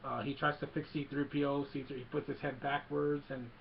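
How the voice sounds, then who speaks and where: Rambling man with a gravelly voice. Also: a little high, level tone, a little fast, muffled recording, a little hiss or hum. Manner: rambling, many fillers, acts out quotes. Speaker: film recap vlogger. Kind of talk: casual movie retelling.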